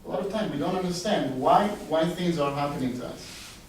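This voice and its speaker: A rabbi with a high voice tells a parable to his listeners in a relaxed, chatty way. He is recorded from far off, with heavy reverb from a large hall. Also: brisk, slight background noise. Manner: animated, conversational storytelling with asides. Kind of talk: storytelling sermon. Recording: very echoey, distant mic.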